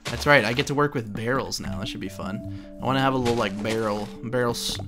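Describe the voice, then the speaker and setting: Young male gaming host from Oklahoma, easygoing mid-pitch voice, loose thinking-aloud commentary over background music. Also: fast. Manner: chatty, thinking aloud while building, self-correcting. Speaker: Minecraft let's play host. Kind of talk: casual gameplay commentary.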